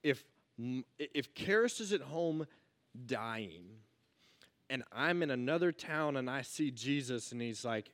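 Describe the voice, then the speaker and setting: A man giving a casual youth sermon, energetic and full of rhetorical questions, swinging between loud and hushed. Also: mid-range voice, unhurried. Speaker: youth pastor.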